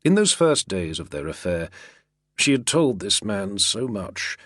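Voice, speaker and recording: A male audiobook narrator telling a historical novel in a measured, expressive way. His voice sits low, a little husky, with lively pitch movement. The recording is dry and close. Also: dry recording. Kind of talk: scripted narration.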